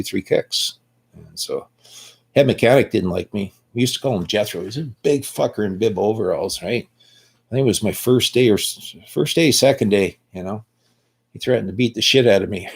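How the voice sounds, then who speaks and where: A man's voice: on the low side, a little mellow. A man in his sixties from Canada, talking bluntly and profanely in a rambling casual monologue.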